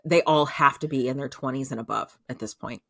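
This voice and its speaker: This co-host recaps a show in a bass voice that's fairly bright yet slightly rough, moving at a fairly quick clip. Her storytelling is loose and filler-heavy, broken up by laughter. It's a dry, clean studio recording.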